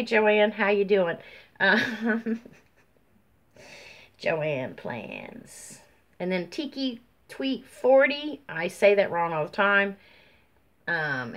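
A woman vlogger giving casual, rambling shout-outs to her viewers over a phone, full of ums and folksy warmth. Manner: high sing-song baby talk to her dog. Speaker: YouTube vlogger.

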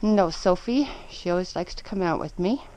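This low-quality handheld clip catches a woman narrating her morning farm chores, cooing at her horses in a baby voice and panting as she works in the mud. She speaks at a moderate pace in a fairly low, dark-toned, animated voice, and outdoor background noise is clearly audible.

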